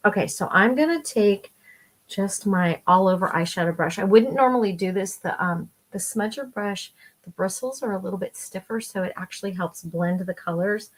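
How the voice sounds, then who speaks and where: A woman's voice: mid-range voice, moderate pace. A middle-aged woman giving a chatty, enthusiastic makeup tutorial while she applies her eyeshadow. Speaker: makeup vlogger.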